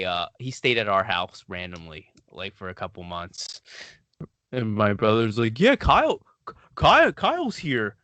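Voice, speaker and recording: In a dry recording, a man with a medium-pitched voice hosts a podcast, laughing a lot as he tells stories in lively, casual conversation.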